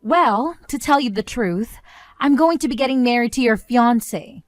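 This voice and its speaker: A woman's voice: fairly high pitch, animated, moderate pace, dry recording, lightly acted. A woman voicing a smug scheming younger sister. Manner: smug, taunting. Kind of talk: narrated story drama.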